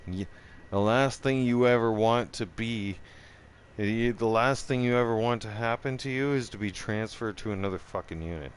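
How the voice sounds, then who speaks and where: A man's voice: lowish voice, normal speed, slight background noise. A man telling a profane personal story in casual style, acting out the voices as he goes. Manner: profane, animated, acts out every voice himself.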